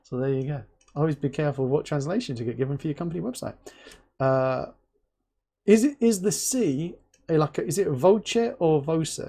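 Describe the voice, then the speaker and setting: A man's voice: fairly high pitch, normal speed. A man from England hosting a casual live interview, joking and telling stories with lots of laughter. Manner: joking, animated storyteller, laughs often. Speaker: host.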